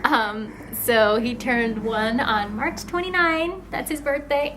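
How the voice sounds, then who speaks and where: A young mother chats to her camera at home in an unhurried way, her voice pitched a little high. She fills pauses with "um" as she talks about her baby. A steady noisy hiss sits under her voice. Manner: chatty with many "um"s and laughs, turning to coo at her baby. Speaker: mother and vlogger. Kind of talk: casual home vlog. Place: home, playing with her toddler.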